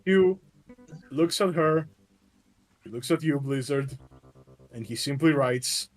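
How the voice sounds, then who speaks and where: A man's voice: a little high, takes it slowly, soft background music. A man running a tabletop role-playing game, narrating the scene and reacting to his players with laughs and exasperated swearing. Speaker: game master.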